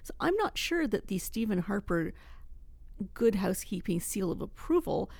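A woman's voice: mid-range voice, very animated, moderate pace, gravelly, a little mellow, dry recording. A woman columnist giving thoughtful, analytical points in a studio panel discussion. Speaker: city columnist. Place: newsroom studio.

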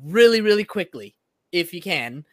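A man hosting a conversation, engaged and affirming, asking follow-up questions quickly. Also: high-pitched, sing-song, fairly bright tone, no room sound, clean studio sound. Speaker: podcast host. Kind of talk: interview conversation.

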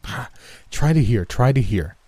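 Deep-voiced pleading doctor in a spooky storybook, man reading it, dry close sound. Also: fairly even intonation, moderate pace, warm tone, breathy edge, dry recording. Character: troubled middle-aged male doctor, earnest and pleading.

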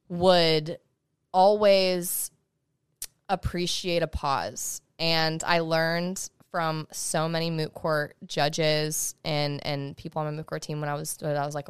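A young woman, a law student guest on a podcast, talking fast and emphatically in casual conversation as she gives advice. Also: deep voice, smooth, no room sound.

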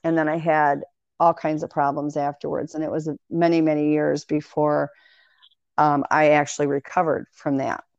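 A woman in casual conversation, telling long animated anecdotes full of quoted dialogue. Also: low-pitched, normal speed, vocal fry, smooth, dry recording. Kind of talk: casual storytelling chat. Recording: dry, dull lo-fi sound.

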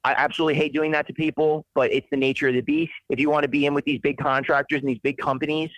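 A man's voice: a little high, level tone, quick pace, fairly bright tone, dry recording, poor audio. A man who runs a welding business, talking bluntly and profanely in a motivational way on a casual podcast interview. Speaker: independent welder and business owner.

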